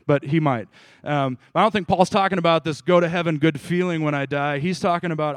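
A man's voice: fairly high pitch, a little fast, no room sound. Casual preacher man quizzing his group. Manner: casual, conversational, asks the group questions, restarts. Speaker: pastor. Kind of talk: informal sermon with questions to the group.

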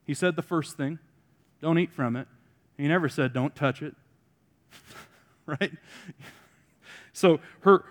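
A man preaching a sermon to a congregation, mixing joking asides with loud emphatic points and quiet remarks. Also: fairly high pitch, in a large hall. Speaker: pastor.

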